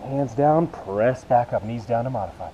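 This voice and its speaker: The recording is muffled, with a bit of hiss or hum. A man with a medium-pitched, dark-toned voice speaks at a normal pace as he coaches a yoga workout video, breathless, calling out moves and counting reps as he exercises.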